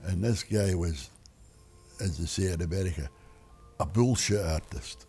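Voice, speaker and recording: A man's voice: deep voice, unhurried, dark tone, slightly rough, faint music behind. An older retired man rambling through a personal story, wry and full of restarts. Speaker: interviewee.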